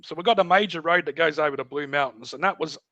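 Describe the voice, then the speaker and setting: A man's voice: a little high, fast talker, no echo, muffled recording. A middle-aged Australian man, a podcast guest, telling a story in casual chat and acting out voices and sounds. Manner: animated, acts out voices and sounds in his tale.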